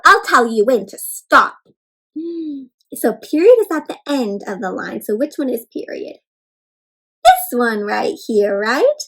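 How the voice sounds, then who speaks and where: A woman's voice: fairly high pitch, poor audio. A woman giving an interactive read-aloud for children, gasping and talking straight to her young listeners. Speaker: storyteller.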